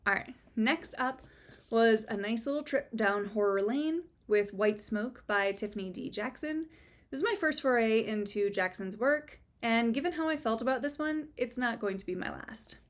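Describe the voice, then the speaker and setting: Chatty woman reviewing books, fairly high voice. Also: animated, moderate pace. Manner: chatty, sarcastic asides, frequent "like". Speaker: book reviewer. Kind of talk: casual book review.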